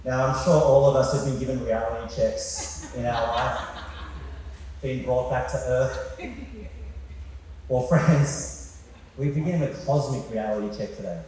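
Preaching in a church hall, this man keeps a conversational tone and asks the congregation questions, his warm mid-range voice moving at a measured pace with long pauses. The recording is distant and echoey.

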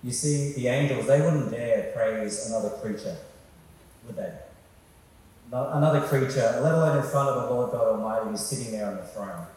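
A man's voice: mid-range voice, normal speed, darkish tone. A man preaching a sermon, talking in a conversational way and putting questions to the congregation. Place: church hall. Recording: echoey hall from far off.

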